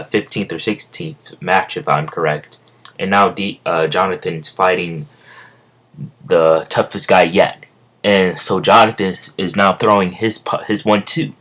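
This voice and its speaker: A man's voice: low-pitched, a bit bright. A young man improvising a fan story, rambling with many fillers and self-corrections. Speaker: amateur storyteller.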